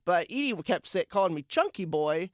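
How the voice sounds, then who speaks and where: Radio cohost dude, high voice, very up and down, wry little jokes, dry studio mic. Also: male voice, sing-song, brisk, dry recording. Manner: wry, joking asides. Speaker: radio morning show co-host. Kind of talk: casual radio banter. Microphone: studio microphone.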